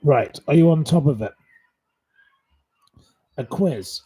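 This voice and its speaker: A man's voice: on the high side, lively intonation, slow pace, mellow, slightly rough, poor audio. A man from northwest England hosting a casual live quiz from home, rambling and chatty with many fillers. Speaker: livestream host running a quiz.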